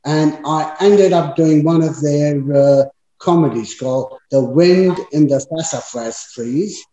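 A man's voice: a little high, warm tone. An older man, an actor, telling chatty anecdotes about his past work in an interview. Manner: chatty, anecdotal storytelling with frequent fillers. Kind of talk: reminiscing interview. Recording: echoey, dull-sounding room.

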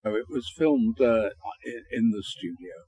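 Slow, hesitant older Englishman reminiscing. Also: fairly low pitch, breathy edge, no room sound, poor audio. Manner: hesitant, full of ums and uhs, gentle and chatty. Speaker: actor interviewee. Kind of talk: reminiscing interview answers.

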